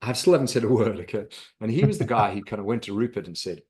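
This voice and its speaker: Brief: middle-aged man, low voice, animated storyteller on a podcast. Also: quick pace. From South Africa. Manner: lively anecdotal storyteller, acts out quoted voices. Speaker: podcast guest, investor.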